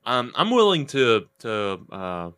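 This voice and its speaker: A man's voice: mid-range voice, wildly swooping pitch, slow pace, fairly bright tone, clean tone. A man co-hosting a casual podcast, making short, hesitant remarks. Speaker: podcast co-host. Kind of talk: casual chat.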